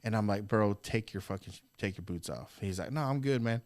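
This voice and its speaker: A man's voice: lowish voice, a little fast. A man co-hosting a podcast, telling a story in casual chat and acting out quotes with lots of swearing. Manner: animated, acts out quotes with swearing. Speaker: podcast co-host.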